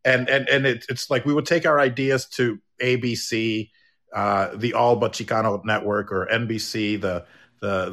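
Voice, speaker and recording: A man's voice: fairly low pitch, fairly bright tone. A middle-aged man hosting a podcast, chatting casually, rambling with many restarts and jokes. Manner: rambling, stumbling restarts, joking. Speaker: podcast host and comedian.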